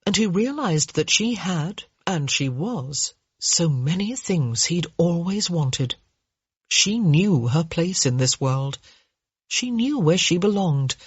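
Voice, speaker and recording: A woman narrating an audiobook in a measured, steady reading manner. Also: lowish voice, breathy edge, no echo. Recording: dull lo-fi dry recording.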